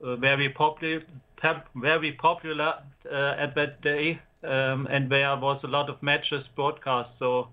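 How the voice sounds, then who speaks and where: Halting German-accented male caller. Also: mid-range voice, flat delivery, muffled recording. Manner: hesitant, halting, many pauses.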